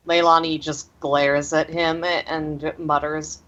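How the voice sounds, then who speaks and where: A woman's voice: deep voice, steady tone, a little slow, fairly bright tone, lo-fi sound. A woman playing a tabletop role-playing game, describing her character's actions in a laid-back, dry manner. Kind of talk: casual game narration.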